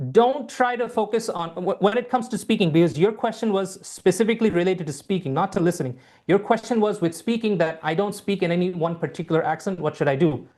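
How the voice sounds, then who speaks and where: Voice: medium pitch, darkish tone. A teacher running a live online class on a video call, answering students' questions in a friendly, patient way and repeating key points. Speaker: IELTS teacher. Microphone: computer mic on a video call.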